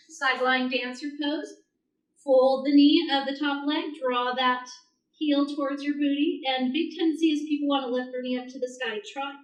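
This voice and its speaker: A woman's voice: high voice, recorded from a distance. A woman fitness instructor cueing a floor workout, counting reps aloud and shushing through breaths. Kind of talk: guided exercise class cues. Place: exercise room, instructor on the floor mat. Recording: echoey room, voice off-mic.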